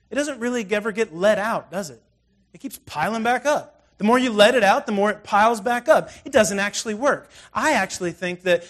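A middle-aged man preaches from the front of a church, casual and animated, with plenty of asides and stories. His speaking voice sits high for a man. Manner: conversational, animated storytelling with frequent asides. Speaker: pastor. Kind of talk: sermon.

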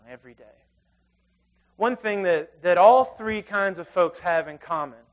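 A man in his thirties with a high voice preaches in a relaxed, conversational way. He tells self-deprecating stories and swings between loud emphasis and near-hushed asides. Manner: storytelling with self-deprecating humor. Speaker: pastor. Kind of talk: conversational sermon.

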